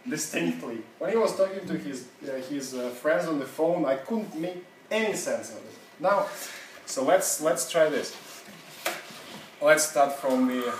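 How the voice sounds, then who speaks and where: A man's voice: on the high side, slight background noise. Echoey distant man teaching a class. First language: Russian. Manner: casual, halting, laughs often. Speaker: seminar teacher. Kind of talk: classroom seminar talk. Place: university classroom.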